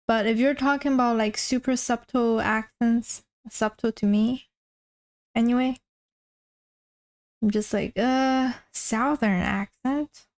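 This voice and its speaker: Woman chatting on her art stream, kinda high voice, slow and rambly, trails off a lot. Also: steady tone, darkish tone, poor audio. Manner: rambling, self-deprecating, trails off mid-sentence. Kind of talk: casual chat while drawing on stream.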